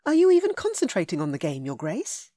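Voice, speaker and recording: A woman voicing a witty, affectionate young lady in an audiobook, speaking higher and playfully. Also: wildly swooping pitch, a little fast, mellow, dry recording, clean studio sound.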